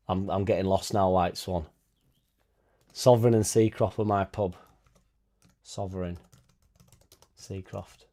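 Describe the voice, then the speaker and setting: A man's voice: fairly low pitch, mellow. Chatty man swearing on a live stream. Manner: swears freely, chatty, tag questions like innit. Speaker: fan channel host reading live chat. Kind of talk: casual live-stream chat.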